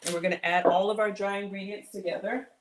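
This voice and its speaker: A woman's voice: medium pitch, fairly even intonation, quick pace, noisy background. A woman with a Southern US accent hosting a casual cooking livestream from her home kitchen, chatty and self-deprecating as she talks to viewers. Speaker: cooking show host.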